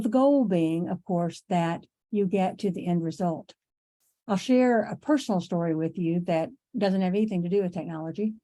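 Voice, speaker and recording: A middle-aged woman teaching an online class in a conversational way, repeating herself for emphasis and clearing her throat as she loses her voice. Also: medium pitch, dark tone. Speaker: instructor.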